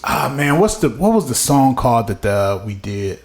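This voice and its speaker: A man co-hosting a podcast, chatting casually and telling lively stories. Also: mid-range voice, moderate pace, roomy sound. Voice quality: animated storyteller, slips into imitated voices. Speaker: podcast co-host. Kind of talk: casual chat.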